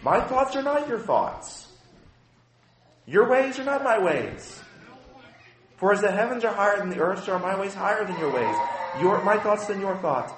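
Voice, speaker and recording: A man preaching a sermon as a pastor, impassioned and shifting between quiet and loud passages. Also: sits high, big pitch swings, normal speed, echoey room.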